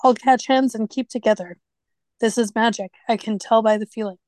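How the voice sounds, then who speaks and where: A woman's voice: on the high side, moderate pace, darkish tone, no echo, natural voice. A woman voicing a frightened schoolboy in a storybook reading, speaking breathlessly and urgently. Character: boy, frightened schoolboy pulled by magic.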